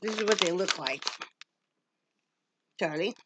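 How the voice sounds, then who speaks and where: A woman's voice: mid-range voice, unhurried. A woman from Wyoming chatting casually while unboxing a dog subscription box, breaking off to scold and coo at her dogs. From Wyoming, USA. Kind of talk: casual unboxing vlog chat. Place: home with dogs around. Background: dogs moving and making noise.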